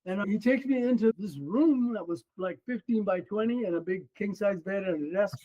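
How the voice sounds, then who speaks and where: A man's voice: high-pitched, moderate pace, mellow. A man in his seventies from Mexico, talking earnestly about his life as a podcast guest, often saying "you know". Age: 70s. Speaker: guest, former runner and coach. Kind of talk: personal storytelling in conversation. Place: room at his home. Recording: dull lo-fi sound.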